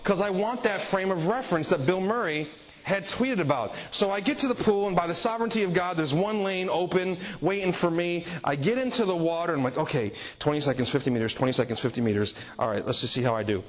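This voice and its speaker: A man preaching to a crowd, telling a funny story against himself and acting out the quotes. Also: high voice. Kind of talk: humorous sermon story. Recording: dull lo-fi audio with crowd laughter.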